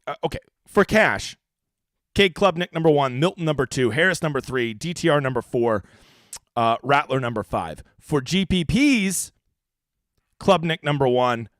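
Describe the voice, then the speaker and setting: A man's voice: fairly high pitch, no echo, studio quality. A man hosting a casual livestream, answering chat with profane jokes and lots of rambling fillers.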